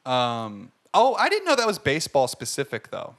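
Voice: medium pitch, wildly swooping pitch, moderate pace, fairly bright tone. A podcast co-host in casual chat, joking around and trying silly impressions.

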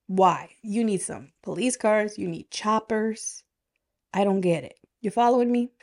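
A woman's voice: medium pitch, darkish tone. A woman hosting a podcast, telling a story casually rhetorical questions and a chatty, conspiratorial manner. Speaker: podcast host.

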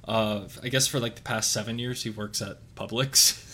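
A man's voice: lowish voice, fairly even intonation, normal speed, sharp tone, slight background noise. A young man on a podcast, chatting casually and telling a rambling story full of fillers and restarts. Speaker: podcast co-host.

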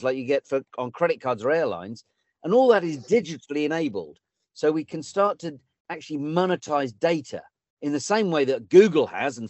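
A man's voice: medium pitch, darkish tone, no echo. A man hosting a casual interview who speaks loosely and leans heavily on filler words. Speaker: host.

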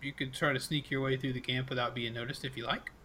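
Bright-voiced man running a tabletop game. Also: medium pitch, little pitch movement, a little hiss or hum. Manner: quick, casual, filler-heavy. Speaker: game master.

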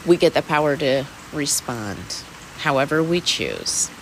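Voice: medium pitch, huge pitch swings, a little slow, vocal fry, a bit bright, slight background noise, rough recording. A person hosting a weekly mindfulness talk, speaking candidly and casually, laughing and swearing now and then. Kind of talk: casual reflective self-help talk. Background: rain.

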